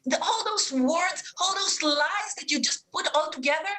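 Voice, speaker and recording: A woman's voice: very high-pitched, lively intonation, normal speed, sharp tone. A middle-aged woman with an Israeli accent arguing in a heated televised debate, indignant and stumbling over her words. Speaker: debate guest.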